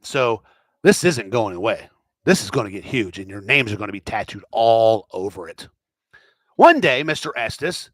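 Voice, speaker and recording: A man ranting in an opinion vlog, heated and profane, stumbling over repeated words. His voice sits at a middle pitch, and the sound is dry and close. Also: sing-song, moderate pace, a bit bright, no room sound. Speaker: commentator.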